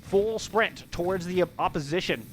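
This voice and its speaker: A man casting live esports play-by-play, rapid and rising to shouts at big plays. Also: high voice, a little hiss or hum.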